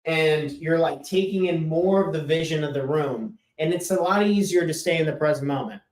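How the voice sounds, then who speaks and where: A man's voice: a little high, moderate pace, darkish tone. A male life coach talking casually and emphatically about listening, often letting his tone drop at the end of a point. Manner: casual, emphatic, drops tone at sentence ends. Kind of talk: solo podcast talk. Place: room with chalkboard. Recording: echoey room.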